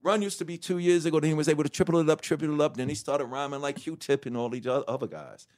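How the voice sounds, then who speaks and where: Animated man telling his story. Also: a little high, fast talker. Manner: animated, swearing, acts out quotes. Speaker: guest. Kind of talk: candid interview storytelling.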